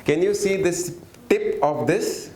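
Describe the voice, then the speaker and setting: Speaking slowly in a high, animated, slightly mellow voice, a male workshop teacher questions his audience throughout an interactive lesson. He waits for their replies and nudges them to respond, and the room he's in is echoey.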